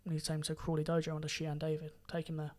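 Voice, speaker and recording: A young man telling his story in a casual podcast chat, animated and swearing now and then. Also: a little high, racing. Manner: animated, rising loud when excited, swears casually. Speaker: podcast guest karate champion.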